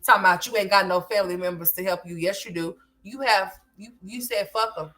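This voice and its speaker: A woman's voice: medium pitch, steady tone, brisk, bright, forceful tone. A woman hosts a casual commentary livestream. She rants in a sassy, scolding tone and keeps calling people girl.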